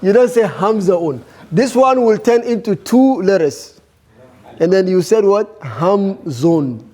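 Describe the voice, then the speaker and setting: A man teaching a beginners' class, talking slowly and firing repeated questions at his students. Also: high-pitched, animated, a little mellow. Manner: slow, repetitive, questioning students. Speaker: Arabic teacher.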